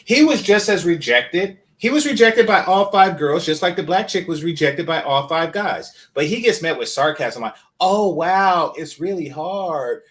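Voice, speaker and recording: A man's voice: fairly high pitch, very animated, moderate pace, few pauses, a bit bright. Blunt, profane man reacting. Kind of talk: reaction commentary.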